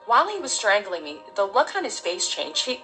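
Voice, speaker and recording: A middle-aged woman, an interview guest, gives a halting, heartfelt personal testimony full of restarts. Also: medium pitch, big pitch swings, bright, forceful tone, faint music behind, low-quality recording.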